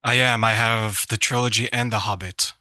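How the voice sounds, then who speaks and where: A man's voice: lowish voice, steady tone, moderate pace, sharp tone. A man hosting an interview, answering briefly and agreeably.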